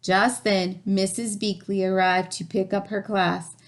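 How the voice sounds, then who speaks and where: Woman reading a picture book aloud to children; slow, gentle storyteller, mid pitch. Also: flat delivery.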